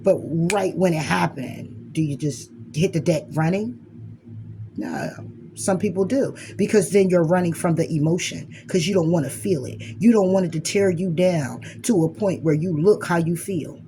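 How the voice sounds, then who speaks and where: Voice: mid-range voice, normal speed, mellow, a little hiss or hum. A speaker giving a blunt, emphatic motivational monologue as a spiritual reader, swearing freely and acting out inner arguments in quoted voices.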